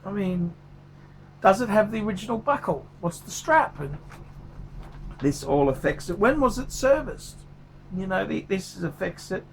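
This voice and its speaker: A man puts on a foul-mouthed, furious male watch reviewer who rants bluntly and swears in nearly every sentence. His voice is gravelly with a fry at the edges and sits fairly high for a man. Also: sing-song, normal speed, pauses often, slight background noise, full character voice. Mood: measured. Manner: swears constantly, ranting, blunt. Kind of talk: paid watch review rant.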